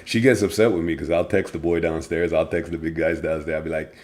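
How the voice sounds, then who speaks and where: A man chatting casually about family life, relaxed and colloquial, often laughing and playfully teasing. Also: low voice, quick pace. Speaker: family show co-host, father.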